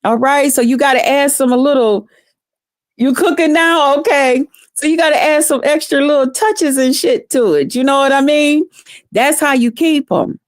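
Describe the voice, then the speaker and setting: Here a woman vlogger with a high voice, speaking at normal speed, swaps casual profane stories with her live viewers on camera. Her delivery is blunt and salty, aimed straight at her audience. It's a dry, close-mic recording without any room sound.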